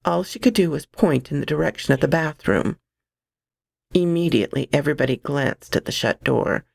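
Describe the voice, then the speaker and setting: A woman reading a horror story aloud, expressive and dramatic, close to the microphone. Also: low voice, moderate pace, creaky, husky, no echo.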